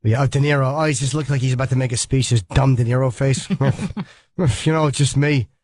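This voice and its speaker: A man hosting a radio show in a studio, joking fast in casual, profane banter. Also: mid-range voice, darkish tone, a little hiss or hum. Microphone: studio microphone.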